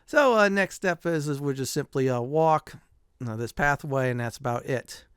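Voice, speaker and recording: This middle-aged man's voice is mid-range, expressive, and a bit bright, clear and resonant at a normal speed, recorded cleanly in a studio with no echo. He chats casually over a video game playthrough as a commentator, filling his talk with lots of "uh" and chuckling often.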